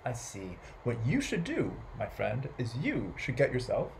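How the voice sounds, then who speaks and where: A man voicing a calm old village wise man who gives advice slowly and thoughtfully in a storybook read-aloud. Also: medium pitch, gravelly, slight background noise, exaggerated voice. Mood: musing. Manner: slow, hushed, thoughtful delivery.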